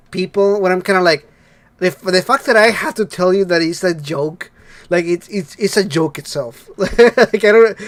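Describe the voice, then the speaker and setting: A man's voice: high voice, dry recording. A man hosting a casual podcast, laughing often and rambling with many fillers. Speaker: podcast host. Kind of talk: casual chat.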